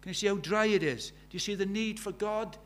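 A man's voice: high voice, fairly quick. A man preaching a sermon, telling stories in a conversational way and building to urgent emphasis.

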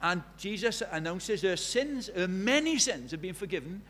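A man's voice: high-pitched, very animated, moderate pace, a bit bright. A man preaching a sermon, asking rhetorical questions with emphasis.

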